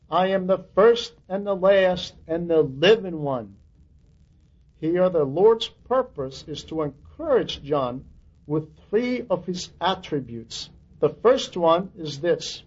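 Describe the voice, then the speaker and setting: A man's voice: high voice, animated, slow, a little mellow, slightly rough, dull audio. A man preaching a sermon on scripture, earnest, quoting verses with rising emphasis.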